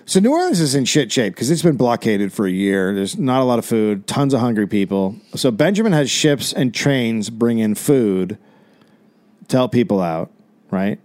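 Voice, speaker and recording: A man, a comedian and podcast host, telling a history story in a deadpan comic way. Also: medium pitch, moderate pace.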